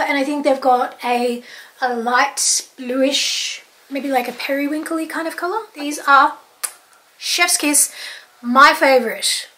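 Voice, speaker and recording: A woman's voice: high voice, bright, forceful tone. A young Australian woman with an Australian accent giving a chatty, enthusiastic tour of her home closet, with lots of "like" and "um". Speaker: home and lifestyle vlogger. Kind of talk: casual wardrobe tour chat.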